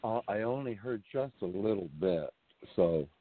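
A man calling in to the show, chatting in a friendly, relaxed way. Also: on the low side, normal speed. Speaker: caller. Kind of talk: casual call-in chat. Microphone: phone line. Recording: tinny phone line.

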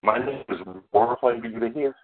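A man calling in to a radio show who talks quietly and is hard to hear. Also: mid-range voice, steady tone, brisk. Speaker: caller. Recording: tinny phone line.

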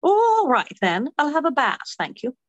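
A woman's voice: high-pitched, wildly swooping pitch, moderate pace, muffled recording, pitched above the performer's own voice. Woman putting on a haughty British pub lady. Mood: pleasant. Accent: British put-on. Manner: haughty, pointed put-downs. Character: prim British woman in a pub, sharp-tongued.

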